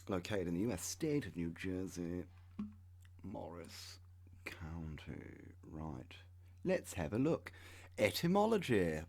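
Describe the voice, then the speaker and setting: A man's voice: sits low, creaky, a little mellow. A man in his thirties reading web pages aloud and adding wry, sarcastic asides as a channel host. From United Kingdom. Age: 30s.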